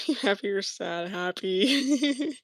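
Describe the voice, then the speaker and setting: With a mid-range voice and lively intonation, a young woman takes her time as she crafts and chats with viewers, often mumbling to herself. The recording is dry.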